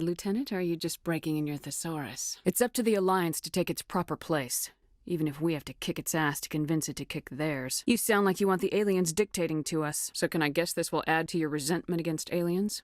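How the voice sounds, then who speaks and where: A woman's voice: low voice, no echo, clean studio sound, natural voice. An actress playing a blunt, tough female starship commander in a video game, speaking in clipped military style. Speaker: commanding officer.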